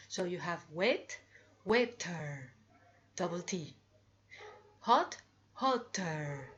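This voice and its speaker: Slow, upbeat woman teaching English grammar. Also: fairly low pitch, a bit bright, lo-fi sound, a little hiss or hum. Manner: slow, drawn-out examples with upbeat prompts. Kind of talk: grammar lesson.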